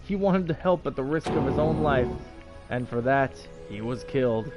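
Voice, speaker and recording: A man's voice: medium pitch, lively intonation, normal speed, darkish tone, soft background music, close to an everyday voice. A man reading as an earnest young male student in a game, with a defiant delivery.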